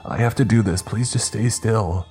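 A man's voice: lowish voice, moderate pace, mellow, faint music behind, pitched above the performer's own voice, lightly acted. A man voicing a frightened young man who begs and whines in a desperate, pleading way, in a storybook reading. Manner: whining, begging.

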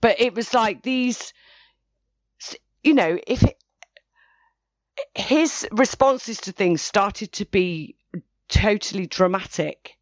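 A woman's voice: mid-range voice, takes it slowly, pauses often, dry recording, clean studio sound. A woman, telling a personal story in a rambling way, with frequent restarts and self-corrections. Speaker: interviewee. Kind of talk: personal account, casual.

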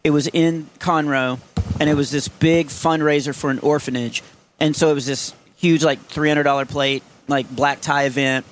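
A man's voice: a little high, normal speed, a little hiss or hum. A man, a touring comedian, telling stories in casual chat. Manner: storytelling, lively anecdotes.

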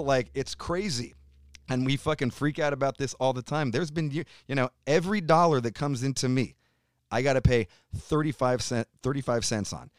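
A middle-aged American man rants hard in a loose interview, cursing at every turn. His voice sits a bit high and gets loud and emphatic. The sound is dry and close, with no room behind him. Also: no echo. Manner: profane, ranting, heated. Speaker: podcast guest, metal musician. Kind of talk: casual interview chat.

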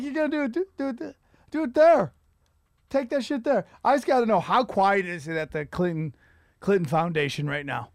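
A middle-aged man hosting a comedy podcast, ranting in a profane, rambling way with loud outbursts. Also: sits high, brisk, no echo. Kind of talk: casual comedic rant.

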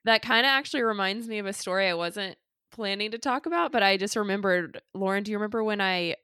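A woman recalling a memory aloud in a relaxed, casual chat with her sisters. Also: medium pitch, fast talker, clean tone, no echo, clean studio sound.

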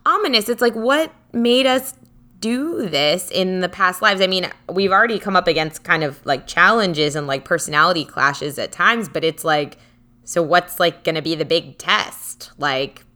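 Casting note: woman podcast co-host, bright tense tone, bubbly chatter, fond of "like". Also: on the low side. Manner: bubbly, quick to laugh, lots of "like". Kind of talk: casual chat.

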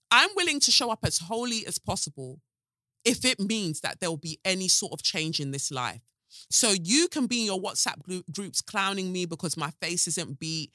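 A young woman hosting her own podcast, ranting bluntly and sarcastically, swearing freely and swinging between loud jabs and hushed asides. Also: lowish voice, no echo, clean studio sound. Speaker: podcast host. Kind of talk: animated solo podcast rant.

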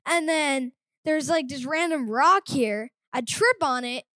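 A woman's voice: sits high, measured pace, bright, forceful tone, dry recording. A woman telling a short story in casual chat, plainly and a little hesitantly.

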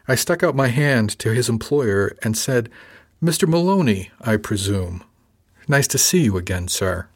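A man reading a novel aloud in first person with a measured, dry delivery. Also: mid-range voice. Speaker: audiobook narrator.

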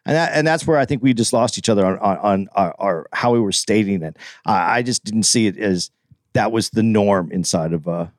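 A man co-hosting a casual podcast, talking haltingly and restarting as he reasons things out. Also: lowish voice, no echo, studio quality. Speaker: podcast co-host. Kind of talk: casual chat.

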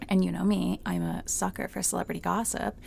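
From a closet at home, a woman hosts her own podcast, casually giving advice and stuffing her speech with "like," calling herself hot-headed and fiery. Her low voice is brisk and darkish with vocal fry and little pitch movement, and a bit of hiss or hum is audible.

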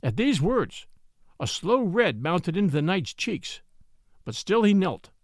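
A man narrating a classic adventure tale in a dramatic, expressive storybook reading. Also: high voice, measured pace, no room sound, clean studio sound.

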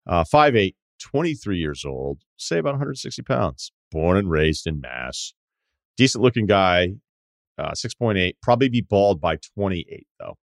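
A man hosts a casual studio podcast, his low voice swinging up and down with lively intonation as he reads a listener's email. He breaks in with wry, profane asides and tangents, close to a dry, deadened mic. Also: normal speed, gravelly, no room sound. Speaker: podcast host.

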